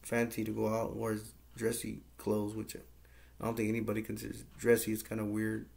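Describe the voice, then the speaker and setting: Low, flat, gravelly-voiced man. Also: normal speed. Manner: rambling, plain-spoken, with frequent fillers. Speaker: movie reviewer. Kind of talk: casual movie plot recap.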